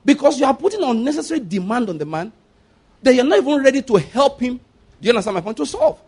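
A man's voice: extremely high pitch, sing-song, fast talker, darkish tone, slightly rough. A man with a Nigerian accent preaching a sermon, emphatic and rhetorical, often asking whether listeners get his point. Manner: emphatic, rhetorical, acts out quoted pleas.

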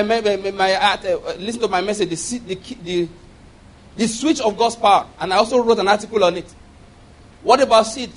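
A man's voice: high voice, fairly bright tone. A man preaching a sermon, driving points home with repetition and call-and-response questions to the congregation. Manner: emphatic call-and-response preaching, repeating key phrases.

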